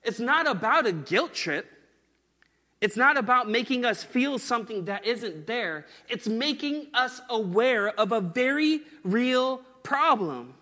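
High bright-voiced male preacher, echoing hall. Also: expressive, measured pace. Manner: earnest, conversational storytelling. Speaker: pastor. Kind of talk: sermon.

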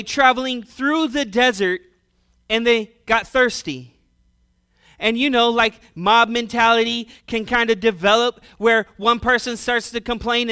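A man preaching a sermon in a conversational way, moving from loud, animated storytelling to hushed, serious emphasis. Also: very high-pitched, smooth. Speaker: pastor.

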